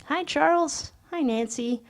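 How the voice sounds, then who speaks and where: A woman voicing a fussy, gushing young male yuppie in a high, cooing, effusive voice, reading a storybook scene. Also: unhurried.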